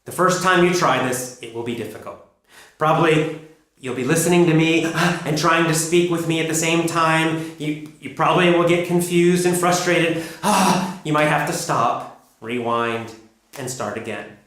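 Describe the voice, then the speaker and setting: A man teaching English pronunciation, explaining practice steps in an energetic, emphatic, repetitive coaching manner. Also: on the high side, normal speed. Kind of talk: instructional explanation. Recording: very echoey room.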